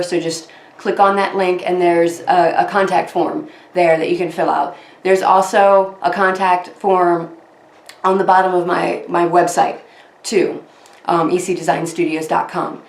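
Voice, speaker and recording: A woman chatting casually to camera as host of her crafting channel, rambling and poking fun at herself. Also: mid-range voice. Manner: chatty, rambling, self-deprecating. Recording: echoey room.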